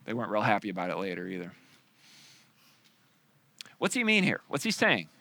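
Guy preaching a sermon, super lively ups and downs, bright voice, chatty with jokes. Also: on the low side, brisk, vocal fry. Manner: animated, conversational, joking asides. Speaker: pastor.

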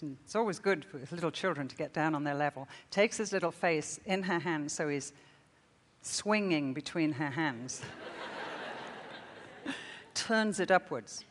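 An older woman giving a sermon, telling stories with warmth and laughter. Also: low voice. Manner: storytelling with laughter. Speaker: speaker. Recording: long reverb of a hall.

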